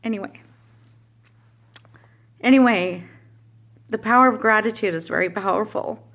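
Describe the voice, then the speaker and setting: A woman's voice: mid-range voice, normal speed, a bit bright. A middle-aged woman telling a heartfelt personal story in a vlog, rambling and emotional, with many fillers and restarts. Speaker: vlogger.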